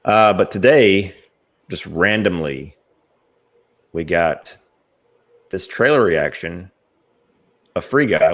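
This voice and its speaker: A very low, gravelly American man hosts a casual podcast chat. He rambles through his points with plenty of ums and uhs and laughs easily. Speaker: podcast host.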